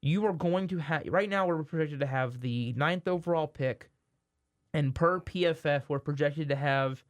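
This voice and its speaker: Rambling, higher-voiced man. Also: moderate pace, no room sound. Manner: rambling, self-correcting, exasperated. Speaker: sports podcast co-host. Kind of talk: casual sports chat.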